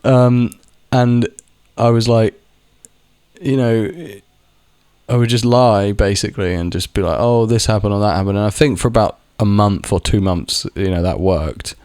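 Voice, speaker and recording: A man's voice: lowish voice, fairly even intonation, a little slow, a little mellow, clear, resonant tone, dry recording, clean studio sound. A young man talking casually to camera, rambling with lots of restarts and the odd swear word. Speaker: vlogger. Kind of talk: casual monologue.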